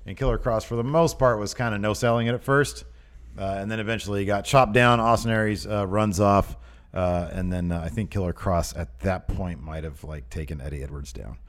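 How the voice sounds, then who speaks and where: Man, casual podcast co-host, rambling and amused, lots of uhs. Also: sits low. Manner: rambling, filler-heavy, amused. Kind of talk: casual wrestling news chat.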